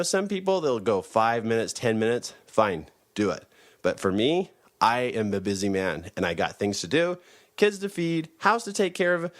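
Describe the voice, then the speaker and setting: A man giving a motivational teaching talk, emphatic and repeating his key phrases. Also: fairly low pitch.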